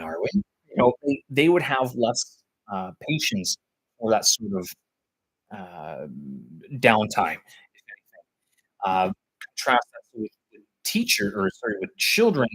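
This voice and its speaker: Husky and medium in pitch, this man's voice comes through a low-quality recording. He's a vlogger on teaching English abroad, talking live and thinking aloud, rambling as he hunts for the right words.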